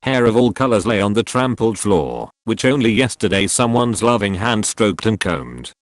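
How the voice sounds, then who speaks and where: A man reading a historical novel aloud as an audiobook narrator, in a solemn, measured way. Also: on the low side, very animated, no room sound, studio quality.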